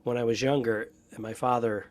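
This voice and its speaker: A man's voice: mid-range voice, level tone, brisk. A man co-hosting a comedy podcast, telling stories in a blunt, crude, casual way. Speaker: podcast co-host.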